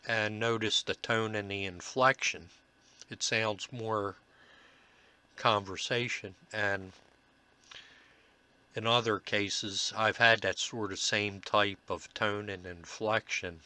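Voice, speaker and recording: A slow-talking man with a lowish voice and a sharp, bright edge to it. He explains his paranormal investigation recordings in an earnest, reflective way, pausing often on fillers as he gathers his thoughts. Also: fairly even intonation, dry recording. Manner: halting, many filler pauses. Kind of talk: narrated commentary over recordings.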